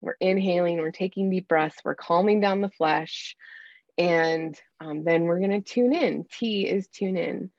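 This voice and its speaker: A woman's voice: lowish voice, measured pace, a little mellow, dry recording, lo-fi sound. A woman talking earnestly as a guest coach on a faith podcast, acting out her own inner dialogue. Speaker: guest, mom anger coach. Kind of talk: faith-based podcast conversation.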